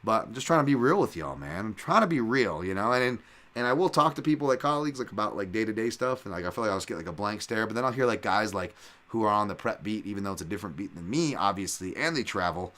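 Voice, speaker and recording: A man with a lowish voice and a bright, forceful edge talks through a solo podcast episode. His casual speech wanders, packed with "like" and self-corrections, and he swears without a second thought. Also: lively intonation, quick pace. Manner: rambling, loose talk full of "like" and restarts; candid, swears freely. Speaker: podcast host and fight analyst.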